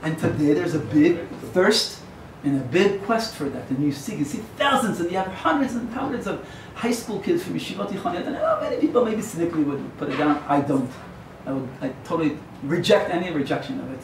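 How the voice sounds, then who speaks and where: Rabbi guy giving a rambling jokey talk, voice kinda high, echoey hall far from the mic. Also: big pitch swings, fast talker, a little hiss or hum. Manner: digressive, joking storyteller. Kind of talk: sermon. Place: yeshiva lecture hall.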